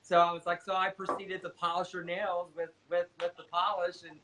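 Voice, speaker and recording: A man's voice: sits high, level tone, a little fast, pushed and bright, a little hiss or hum, poor audio. A man telling stories in a casual interview as a guest nail technician, chatty, repeating words and acting out what others said.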